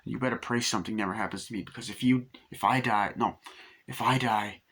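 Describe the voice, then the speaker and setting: A man putting on the voice of an obsessive woman captor while retelling a film scene, speaking quietly and threateningly with sudden screaming fits. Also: lowish voice, steady tone, a little fast, slightly rough. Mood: quietly menacing.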